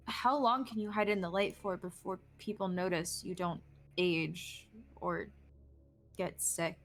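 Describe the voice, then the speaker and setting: A woman's voice: fairly low pitch, fairly even intonation, measured pace. A woman voicing a stubborn, battered female vampire who refuses help emphatically. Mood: weary.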